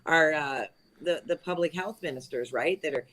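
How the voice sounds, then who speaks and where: A woman's voice: low voice, moderate pace, fairly bright tone. A woman on a livestream panel, talking casually and chattily, laughing often and trailing off mid-sentence.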